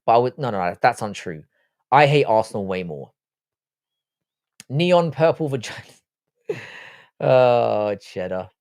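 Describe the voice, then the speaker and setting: A man's voice: medium pitch, animated, measured pace, pauses often, a little mellow, clear, resonant tone, no room sound. A man with a London accent, hosting a live stream, reading viewer comments aloud and answering them bluntly with dry asides. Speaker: livestream host reading chat. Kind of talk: casual live chat.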